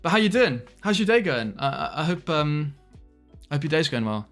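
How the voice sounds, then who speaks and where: A man's voice: on the high side, very animated, a little fast, a bit bright, soft background music. A young British man streaming live, chatting casually to viewers, greeting them by name, laughing often and trailing off mid-sentence.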